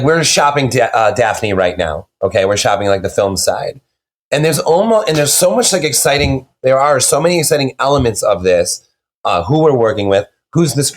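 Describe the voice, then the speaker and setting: Chatty man, guest on a podcast. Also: mid-range voice. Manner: rambling, many fillers and restarts. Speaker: guest, horror novelist. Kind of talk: casual interview chat.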